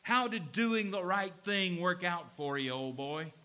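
A man's voice: high-pitched, animated, measured pace, sharp tone, exaggerated voice. Man doing a hissing, mocking devil. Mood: taunting. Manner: whispering, mocking. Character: sly hissing male devil taunting a prisoner.

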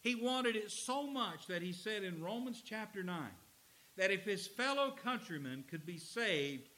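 A man preaching a sermon, earnest, slowing down to stress key lines. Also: sits high, animated, bright, forceful tone, low-quality recording. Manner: earnest preaching, slows for emphasis. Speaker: pastor.

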